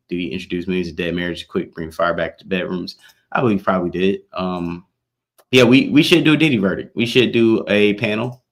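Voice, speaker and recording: Low-voiced man hosting a casual livestream. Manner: slangy, reacts to chat comments. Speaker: livestream host.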